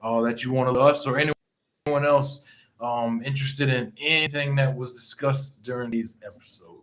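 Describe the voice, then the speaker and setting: A man's voice: medium pitch, fairly even intonation, moderate pace, fairly bright tone. A man hosting a podcast, hyping up guests in a casual, showman manner. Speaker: podcast host.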